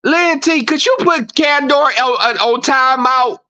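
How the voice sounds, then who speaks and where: Heard through dull lo-fi stream audio, this livestream host is a man with an extremely high-pitched voice and a measured pace. He swears freely as he chats with viewers, animatedly performing the exchanges he quotes.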